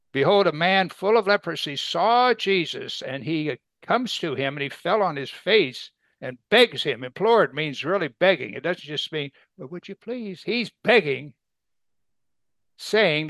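Man, sermon, Bible teacher, rhetorical questions, fairly high pitch, dry close sound. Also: a little slow, no echo. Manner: acts out quoted speakers with sudden loud excited bursts.

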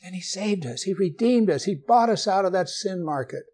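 A man delivering a sermon in a somewhat high voice. He reads scripture aloud, asks his listeners questions, and slips in gentle jokes. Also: expressive, normal speed. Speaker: preacher.

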